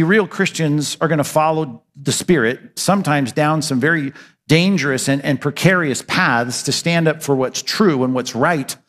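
A man's voice: fairly high pitch, fairly bright tone, big-room sound. A man preaching a sermon as a pastor, in a conversational way, asking questions and answering them himself.

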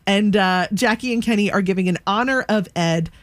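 A woman co-hosting a radio fundraiser, excited and laughing often as she announces a challenge. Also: medium pitch, a little fast, no echo. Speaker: radio co-host. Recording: radio studio with faint music.

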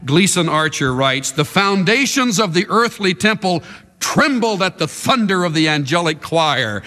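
A man's voice: high voice, bright, forceful tone. Dramatic male preacher in an echoing hall. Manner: dramatic, leads the congregation in call-and-response. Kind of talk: sermon.

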